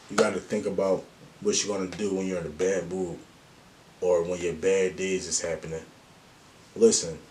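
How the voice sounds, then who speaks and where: Deep-voiced man giving casual advice. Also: a little hiss or hum. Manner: slangy, earnest and open. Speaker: vlogger giving life advice. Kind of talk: casual to-camera talk.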